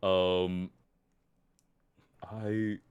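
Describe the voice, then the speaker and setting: A man with a very deep voice talks his way through his character as a tabletop player. He rambles and is quick to laugh at himself. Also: little pitch movement, a little mellow, smooth, highs cut off. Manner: rambling, self-deprecating, laughs a lot. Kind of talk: playing a tabletop game.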